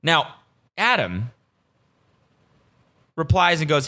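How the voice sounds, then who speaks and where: A man hosting a solo podcast, rambling casually and swearing often, veering between excitement and deadpan asides. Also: on the low side, a little fast. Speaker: podcast host.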